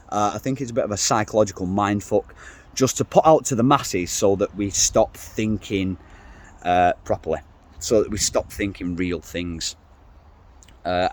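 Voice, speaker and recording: Middle-aged guy ranting away on his vlog, blunt and sweary, rambles a lot. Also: lowish voice. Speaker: vlogger. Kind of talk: casual rant to camera.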